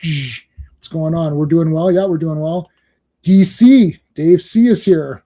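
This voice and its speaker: A man's voice: fairly high pitch, takes it slowly, mellow. A middle-aged Canadian man hosting a casual livestream chat, talkative and laughing often. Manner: chatty, laughing, breaks into silly voices. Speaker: podcast host.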